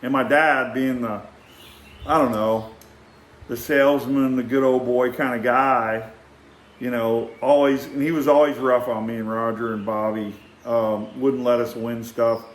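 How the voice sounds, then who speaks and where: An older man, telling a rambling personal story in an animated way, acting out sounds and often restarting his sentences. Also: medium pitch, a little slow, roomy sound.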